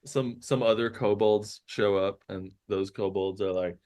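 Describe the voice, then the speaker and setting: A man's voice: on the low side, fairly even intonation, measured pace, a little mellow. A man running a tabletop game as game master, narrating loosely with many fillers.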